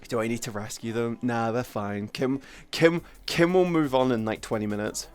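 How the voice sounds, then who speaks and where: A woman's voice: extremely low pitch, normal speed, a little mellow, faint music behind. A woman streamer in casual livestream chat who laughs often and swears freely as she teases her friends.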